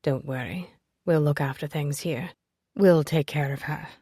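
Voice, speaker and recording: A woman voicing a serious, steady young man who speaks low, calm and firm. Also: measured pace, no echo, clean studio sound.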